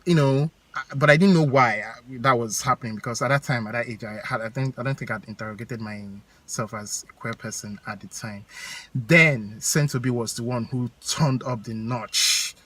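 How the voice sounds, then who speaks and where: Reflective man, bright and a little distant. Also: mid-range voice, moderate pace. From Nigeria. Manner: hesitant, reflective, trails off quietly. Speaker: co-host. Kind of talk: casual chat.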